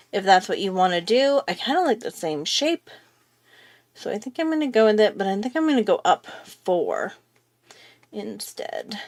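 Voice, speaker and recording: A woman hosting a casual live drawing tutorial, chatty and rambling as she thinks aloud while she draws. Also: mid-range voice. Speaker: art tutorial host.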